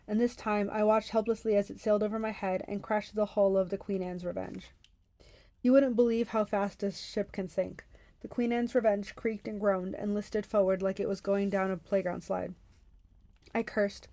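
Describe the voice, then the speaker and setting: A woman's voice: mid-range voice, no room sound. Woman reading a novel aloud, dry sound. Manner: steady first-person narration. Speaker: book club reader.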